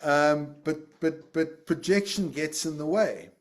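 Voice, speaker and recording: A man's voice: on the high side, slow pace. Man telling a class a story. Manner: conversational, repeats phrases, asks the class questions. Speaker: teacher. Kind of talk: classroom lecture with personal story.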